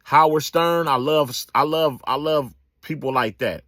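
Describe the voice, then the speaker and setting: A man's voice: fairly high pitch, a little slow, fairly bright tone, no echo, clean studio sound. A man, giving a casual, emphatic political rant full of slang and repetition. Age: 40s. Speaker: political commentator.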